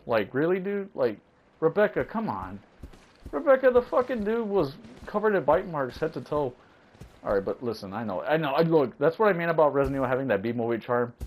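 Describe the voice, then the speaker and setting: A young man casually commentating a video game playthrough, excitable, swearing and rambling. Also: on the high side, rough recording. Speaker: let's play gamer.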